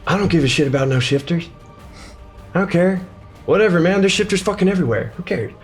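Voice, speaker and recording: A man's voice: fairly high pitch, animated, fast talker, faint music behind, voice pushed up, close to an everyday voice. A man voicing a brutal, profane male warlord in a tabletop game, sneering and crude. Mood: snarling.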